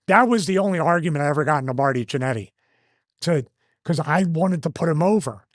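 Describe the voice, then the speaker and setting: A man in his fifties, a show host, telling a story in a casual, animated way and acting out the lines he quotes. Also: on the high side, quick pace, no echo, clean studio sound. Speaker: host, former wrestler.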